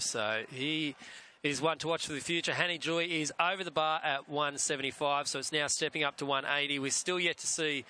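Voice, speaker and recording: Bright, matey Australian sports commentator. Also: male voice, mid-range voice, slight background noise. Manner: matey, chatty banter. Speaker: commentator host. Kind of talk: live athletics commentary.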